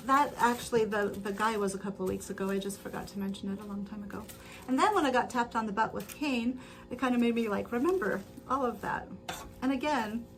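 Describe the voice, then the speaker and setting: Chatty, giggly woman with a higher voice. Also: a bit bright. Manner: rambling storyteller with filler words; giggly, laughs often. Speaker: livestream host. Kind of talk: casual chat while sewing.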